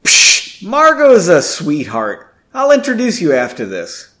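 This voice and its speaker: A man voicing an excitable, gossipy young woman in a story reading, lifting his voice high and bright. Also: a little slow, full character voice. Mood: dismissive.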